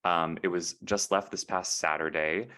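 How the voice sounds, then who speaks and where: Rambling young man, low voice. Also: steady tone, moderate pace, bright, forceful tone, clean tone. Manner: rambling, hesitant, many fillers and self-corrections. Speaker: podcast co-host. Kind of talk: casual chat.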